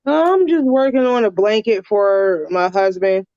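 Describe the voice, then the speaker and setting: A woman's voice: medium pitch, expressive, unhurried, dark tone, no echo. A woman guest chatting on a livestream, rambling and laughing easily over a computer mic at home. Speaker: guest, viewer. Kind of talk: casual livestream chat. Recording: dull lo-fi call audio.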